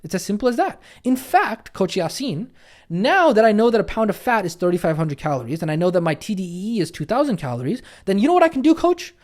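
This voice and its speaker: A man voicing an overconfident dieting student who thinks losing weight is simple and boasts excitedly. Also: high-pitched, quick pace. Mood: cocky excited.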